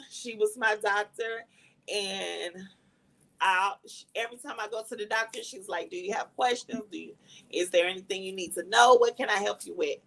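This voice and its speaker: Gravelly woman telling a heartfelt story. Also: mid-range voice, fairly bright tone, rough recording. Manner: earnest, reflective storytelling with emotional emphasis. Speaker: guest, cancer survivor sharing testimony. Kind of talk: personal testimony in casual talk.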